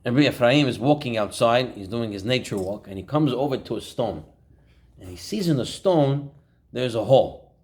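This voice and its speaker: A man teaching an informal Torah class, telling stories and acting out the quotes. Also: medium pitch. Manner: animated storyteller, acts out quotes. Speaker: rabbi.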